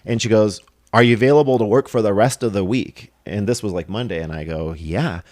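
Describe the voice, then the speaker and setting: Lively storytelling man, lowish voice. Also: quick pace. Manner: animated, acts out quoted dialogue; laughs through his stories. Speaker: podcast guest, film director and assistant director. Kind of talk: casual storytelling.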